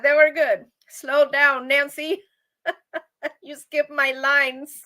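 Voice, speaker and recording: A woman's voice: high voice, flat delivery, takes it slowly, sharp tone. A woman hosting a casual live stream, chatting to viewers in a rambling, upbeat way, often repeating words and laughing.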